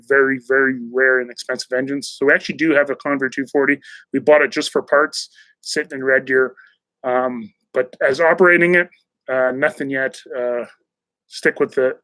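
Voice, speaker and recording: A man's voice: mid-range voice, a bit bright, no room sound, rough recording. A man hosting a casual live-stream chat, reading viewer messages aloud and answering them in a rambling way, with many fillers and restarts.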